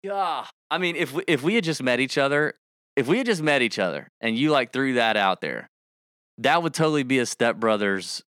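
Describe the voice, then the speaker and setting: A man chatting casually as a podcast co-host, his voice bright and crisp. He gets animated and slips into rap impressions. The sound is dry and close, with no room around it. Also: medium pitch, brisk, no room sound. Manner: animated, breaks into rapping and song impressions. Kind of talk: casual podcast chat with ad read.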